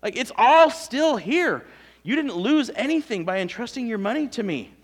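A man's voice: extremely high pitch, sing-song, normal speed, voice pushed up, exaggerated voice. A man voicing a fearful male servant in a sermon, stammering nervous excuses.

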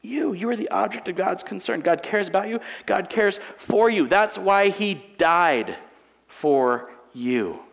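A pastor in his thirties gives a conversational sermon in a church sanctuary, with hall reverb around him. His creaky, high-sitting voice is expressive and unhurried, shifting between quiet, chatty asides and loud, emphatic passages.

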